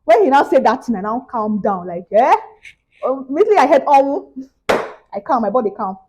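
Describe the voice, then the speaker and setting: In a casual vlog, a young woman with a Nigerian English accent tells her viewers a story, swinging between loud exclamations and hushed asides. Her voice is high-pitched, expressive, and brisk, with a noisy background.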